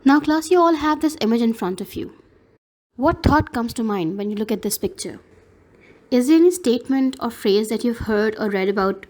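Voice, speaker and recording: Woman teacher, pakistani english accent, slightly high voice, slow careful lesson talk for kids. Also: darkish tone. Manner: slow, careful teacher's delivery spelling out pronunciations. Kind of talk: recorded classroom lesson.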